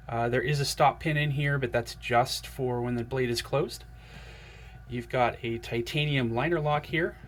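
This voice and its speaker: A man excitedly unboxing and looking over a knife in a casual vlog, gushing and chatting to his viewers. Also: mid-range voice, a little hiss or hum. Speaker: knife collector vlogger.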